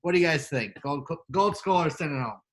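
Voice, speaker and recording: A man's voice: fairly high pitch, lively intonation, a little fast. A man co-hosting a podcast in casual chat, rambling with lots of filler words. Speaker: podcast co-host.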